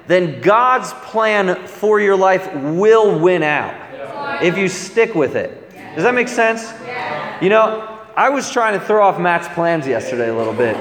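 A man preaching, telling a lively story about pranking a friend and acting out both sides of the calls. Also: high voice, measured pace. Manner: animated, laughing storyteller acting out a phone prank. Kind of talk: sermon storytelling. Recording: echoey hall with a crowd.

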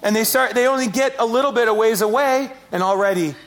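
A man preaching a sermon, telling stories with animated, self-deprecating humor. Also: extremely high pitch, fast talker. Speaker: pastor.

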